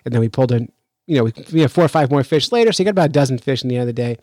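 A man hosting a podcast, telling a story in a lively, chatty way with frequent restarts, then commenting on the news. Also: mid-range voice, racing, dry recording. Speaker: fishing podcast host.

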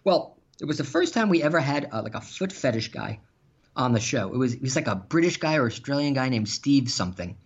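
A man telling stories in casual chat, animated and laughing, with some swearing. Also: medium pitch, fairly quick, breathy edge. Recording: dull lo-fi sound.

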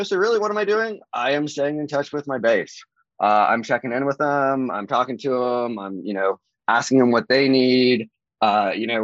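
A real estate agent chats casually in an interview, rambling with lots of fillers and lively swings in pitch. The recording of his voice is dry and muffled.

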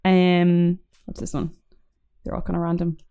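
A woman's voice: lowish voice, monotone, measured pace, gravelly, warm tone, clear, resonant tone, muffled recording. A woman co-hosting a podcast in casual chat, talking chattily with lots of filler words and giggles. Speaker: podcast co-host.

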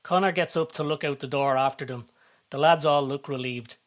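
Brief: calm male narrator, measured storytelling, voice a touch high. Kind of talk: scripted narration.

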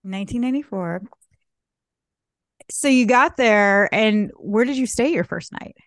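A woman's voice: mid-range voice, expressive, measured pace, dry recording, clean studio sound. A woman hosting a casual interview who eagerly prompts the guest and finishes his sentences.

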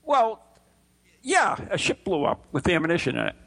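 A man's voice: sits high, wildly swooping pitch, moderate pace, vocal fry, fairly bright tone. A man co-hosting a casual chat show, rambling and teasing, often stumbling over his words. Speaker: podcast co-host. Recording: voice breaking up over an online call.

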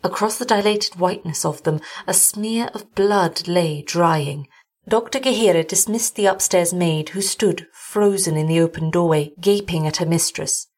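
A woman reading a gothic short story aloud as host of a story show. Her delivery is measured and deliberate, with a husky, breathy edge. Her voice sits fairly low for a woman. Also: darkish tone. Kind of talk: scripted story narration.

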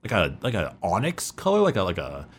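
A man's voice: low voice, wildly swooping pitch, brisk, slightly rough. A man co-hosting a podcast, chatting casually about a book with frequent restarts and fillers. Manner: rambling, many restarts and fillers. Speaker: podcast co-host.

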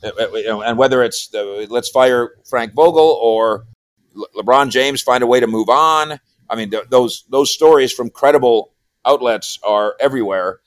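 A man's voice: mid-range voice, normal speed, no echo. Casual sports talker, man, mid-range voice, close dry mic, stumbles and restarts. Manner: rambling, repeats words, animated when quoting. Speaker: sports columnist and podcaster. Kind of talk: casual radio chat.

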